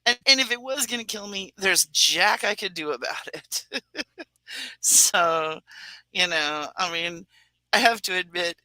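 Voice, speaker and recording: A man's voice: high voice, measured pace, bright, forceful tone, no echo, low-quality recording. A man from the Pacific Northwest co-hosting a casual podcast, rambling and self-mocking and laughing often. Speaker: podcast co-host. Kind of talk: casual chat.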